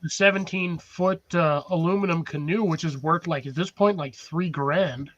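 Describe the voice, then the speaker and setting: A man's voice: on the high side, moderate pace, fairly bright tone, no echo. Blunt man on a dull lo-fi line. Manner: blunt, offhand. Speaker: co-host. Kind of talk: casual podcast chat.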